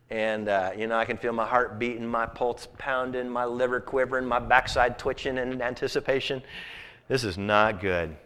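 A man's voice: mid-range voice, steady tone, moderate pace, a bit bright, clean tone. A man pastor telling a story in a sermon, in a folksy, conversational way.

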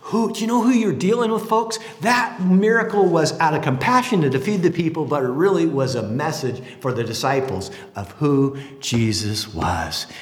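A man's voice: on the high side, moderate pace, few pauses. A man in his fifties preaching a sermon, telling stories and acting out the voices of the people in them. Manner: animated storytelling, acting out voices. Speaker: pastor. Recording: echoey hall.

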